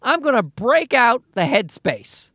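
Podcast host ranting, bouncy pitch, lots of swearing, dry close sound. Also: very animated, a little slow, fairly bright tone, husky, no room sound. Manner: profane, ranting, many restarts. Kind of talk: casual podcast rant.

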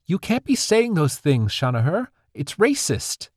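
A man doing a high, eager young sprite girl. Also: very animated, a little slow, a little mellow, dry recording, clean studio sound. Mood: upset. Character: young sprite girl, earnest, playful, mischievous.

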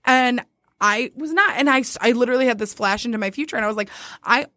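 A woman chatting casually, telling a story with animated quoted dialogue. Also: a little high, fast, dry recording, studio quality. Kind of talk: casual chat.

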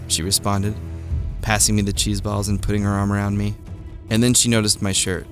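A man telling a true childhood story in a deadpan, wry manner. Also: on the low side, a little fast. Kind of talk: first-person comic storytelling. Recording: close dry mic with faint music.

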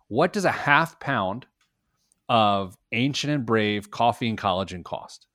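Heard in clean, dry studio sound, a man with a lowish voice keeps a measured pace while hosting a personal finance show. He jokes with his co-host and gives the news items a playful, animated reading in loose radio banter.

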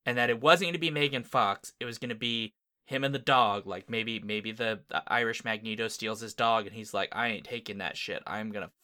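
A man co-hosting a podcast, chatting casually and enthusiastically about a movie. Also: fairly quick. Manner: enthusiastic, jumps up in pitch when excited. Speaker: podcast co-host. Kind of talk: casual movie-review chat.

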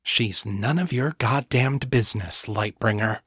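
A man's voice: medium pitch, a little slow, a bit bright, husky, dry recording, studio quality. A man voicing a cocky male incubus who drawls and mocks his questioner. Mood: smug. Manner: drawling, mocking.

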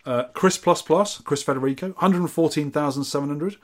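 A man's voice: on the high side, a little fast. Joking man reading out scores. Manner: jokey, banter-filled. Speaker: podcast co-host. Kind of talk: casual chat reading listener scores.

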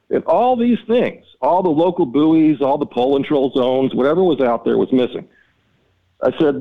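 Animated man telling a story. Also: moderate pace, phone-quality sound. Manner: animated, exasperated, reenacts dialogue with rising pitch. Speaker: podcast guest, mapping company founder. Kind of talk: storytelling interview talk.

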